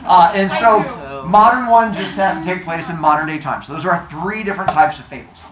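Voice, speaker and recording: A man's voice: sits high, fairly quick. A man teaching a class, telling a joke-filled story and teasing his students. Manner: joking, animated, teasing students. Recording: echoey classroom with student chatter.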